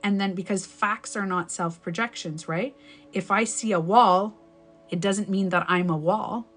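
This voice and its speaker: A young adult woman coaching live on a stream, her voice sitting at an ordinary middle pitch. She speaks frankly and with emphasis, dropping casual swear words and restarting sentences as her thoughts run on. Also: steady tone, a little slow, soft background music. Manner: rambling with self-corrections. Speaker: life coach. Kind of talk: live-stream advice talk.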